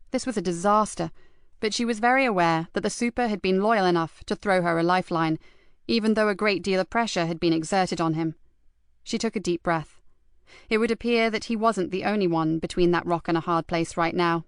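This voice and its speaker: Smooth, low-voiced woman narrating. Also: no room sound, clean studio sound. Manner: measured, even storytelling. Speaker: audiobook narrator. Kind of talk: scripted narration.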